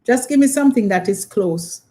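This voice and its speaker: A woman's voice: on the high side, expressive, normal speed, dark tone. A woman hosting a live online trivia quiz, patiently repeating her questions and prompting viewers. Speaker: quiz host.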